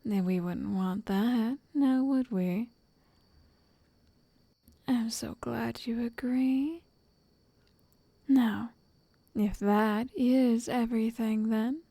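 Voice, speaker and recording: A woman voicing a possessive, sweetly menacing witch in a soft, coaxing whispered role-play, close to the mic. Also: mid-range voice, no room sound.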